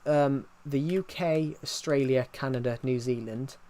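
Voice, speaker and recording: A man's voice: medium pitch, unhurried, dark tone. A man, chatting casually on a live stream, answering chat with many fillers and restarts. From England.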